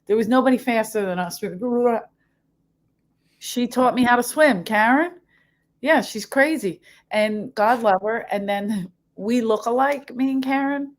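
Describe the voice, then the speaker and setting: A comedian telling stories in casual chat, a woman with a Philadelphia accent, animated and profane. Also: a little high. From South Philadelphia. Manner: animated, profane, quick jumps between stories. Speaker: comedian guest.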